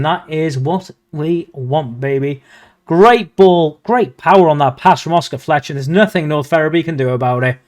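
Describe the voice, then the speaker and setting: A young man plays the commentator over his own football management game, jumping between hushed asides and loud bursts of excitement. His voice sits a little higher than most men's. He talks into a desk mic at home. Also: normal speed. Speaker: gaming video host.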